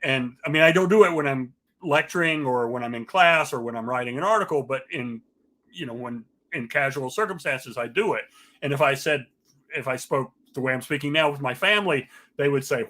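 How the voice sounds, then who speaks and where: A man, a linguist guest, explaining in a measured, professorial way with frequent pauses and fillers. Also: medium pitch, fairly bright tone. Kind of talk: conversational explanation.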